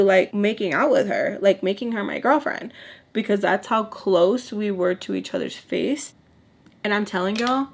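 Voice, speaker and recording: A young woman from Texas telling a casual storytime, blunt and animated, swearing and saying "like" a lot. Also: medium pitch. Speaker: storytime vlogger.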